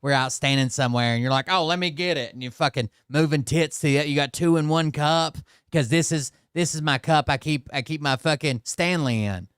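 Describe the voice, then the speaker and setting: A man's voice: on the high side, brisk, hardly any pauses, fairly bright tone, smooth, no echo, clean studio sound. A man with an Appalachian accent, hosting a profane, exasperated reaction commentary. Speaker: commentary host.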